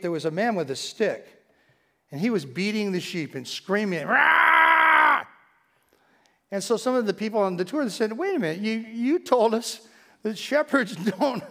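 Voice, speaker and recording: A pastor delivers a sermon with a slightly higher male voice. He tells stories with animated swings, rising to loud emphasis and then sinking into near-whispers. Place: church sanctuary.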